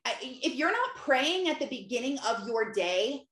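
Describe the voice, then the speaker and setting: A woman with a fairly high voice talks through prayer in an earnest, conversational way, slipping into her own prayers as examples. The sound is roomy, with a clear echo around her. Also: very animated, a little slow, fairly bright tone. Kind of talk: faith-based teaching talk.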